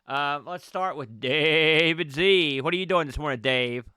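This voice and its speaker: A man's voice: fairly high pitch, a little slow, sharp tone, clean tone, no room sound, studio quality. A man running a tabletop game as game master, narrating and joking with players. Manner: joking, conversational.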